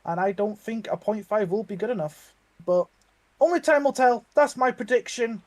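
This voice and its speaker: A man's voice: high-pitched, animated, normal speed, darkish tone. A man co-commentating an online racing league, chatting and predicting lap times with frequent restarts. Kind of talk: casual race analysis and banter.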